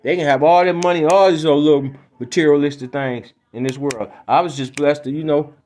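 A man's voice: on the high side, fairly even intonation, brisk, darkish tone. A man from Detroit hosting a podcast, telling comic stories and opinions in a rambling, repetitive, emphatic way. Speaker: podcast host. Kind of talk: casual comedic storytelling.

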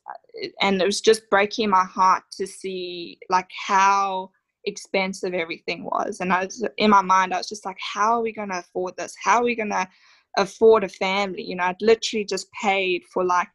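A woman's voice: medium pitch, little pitch movement, moderate pace, a bit bright, no room sound, low-quality recording. Emotional Australian woman, dry close sound. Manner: emotional, heartfelt, many fillers. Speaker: podcast guest. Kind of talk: conversational storytelling interview.

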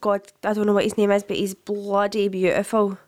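A woman's voice: medium pitch, level tone, a little fast, darkish tone. A woman co-hosting a podcast, blunt and outspoken in casual chat, with cheeky swearing. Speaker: podcast co-host.

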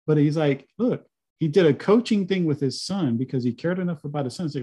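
A man's voice: fairly high pitch, brisk, dark tone, husky. A man hosting a podcast, recapping his guest's points in an enthusiastic, casual way. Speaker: podcast host.

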